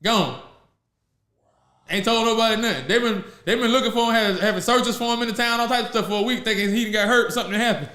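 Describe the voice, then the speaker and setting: A man with a high voice chats on a podcast, spinning animated stories and laughing between lines. The room around him is echoey. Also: quick pace. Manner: animated storyteller, laughs often, Southern slang. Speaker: podcast host. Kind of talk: casual podcast chat.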